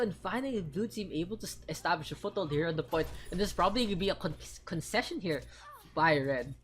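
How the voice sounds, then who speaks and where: A woman from the Philippines doing quick, punning play-by-play commentary as an esports caster. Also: fairly low pitch, expressive.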